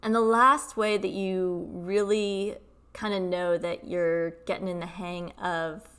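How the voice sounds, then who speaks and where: A woman's voice: lowish voice, steady tone, slow pace, fairly bright tone, clear, resonant tone. A young adult woman giving a casual spiritual teaching to camera, chatty with frequent fillers. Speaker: spiritual healing coach.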